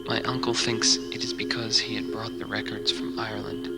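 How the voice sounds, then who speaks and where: A man narrates in a steady, reflective voice with very little pitch movement. His reading is calm and scripted. Loud music plays under him. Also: moderate pace. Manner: even, reflective storytelling.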